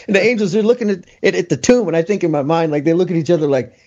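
A man's voice: on the high side, animated, quick pace, hardly any pauses, a little mellow. A man hosting a casual interview, easygoing and laughing along with his guest. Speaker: host. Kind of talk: conversational interview. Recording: dull lo-fi recording.

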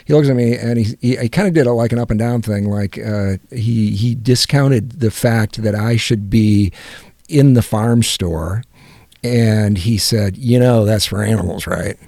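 A man co-hosting a podcast who tells stories in casual chat, halting and restarting often. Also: fairly low pitch, gravelly, warm tone, no room sound. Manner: halting storyteller, many restarts. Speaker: podcast co-host.

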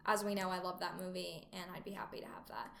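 A woman's voice: on the low side, fairly even intonation, quick pace, gravelly, a bit bright, reverberant. A woman co-hosting a podcast, chatting casually and with strong opinions about films, laughing often. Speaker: podcast co-host. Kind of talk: casual film chat.

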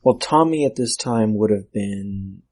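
A man's voice: fairly low pitch, measured pace, a little mellow. A man hosting a podcast, wryly reading out and picking at details of a film script. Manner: wry, reads out script details. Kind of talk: casual discussion of a film script.

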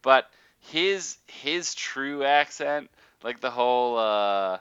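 A man in casual podcast talk, rambling and animated with plenty of fillers. His voice sits a little low but rings bright and clear. The sound is dry, close and slightly dull. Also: takes it slowly, no room sound. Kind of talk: casual chat about a TV show.

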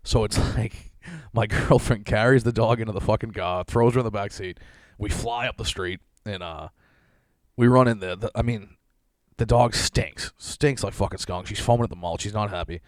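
A man's voice: fairly low pitch, normal speed, no echo. A man in his thirties hosting a casual solo podcast, telling a rambling, self-deprecating story full of swearing and frequent laughs. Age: 30s. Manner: laughs often while telling stories. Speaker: podcast host.

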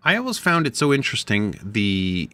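Playful, animated male podcast co-host. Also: lowish voice, moderate pace. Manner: playful, teasing, animated delivery. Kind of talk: casual podcast banter.

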